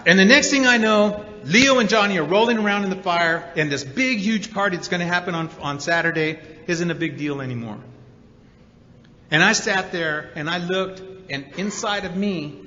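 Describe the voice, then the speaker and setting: A man stands before an audience in a large hall, telling his story with lively energy and acting out the people in it. His voice sits high and sounds bright and forceful. The long reverb of the room and a faint murmur of ambience hang behind it. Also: moderate pace, a little hiss or hum. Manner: animated storyteller, acts out quotes, many repeated 'and's. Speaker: recovery meeting speaker. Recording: dull recording in a hall with reverb.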